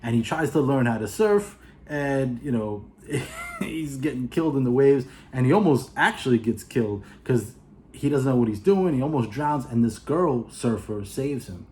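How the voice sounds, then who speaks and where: Rambling through a movie's plot for a video review, a man peppers his talk with "uh" and "you know," tossing in quick asides where he acts out characters' lines. His medium-pitched, slightly mellow voice swoops wildly in pitch.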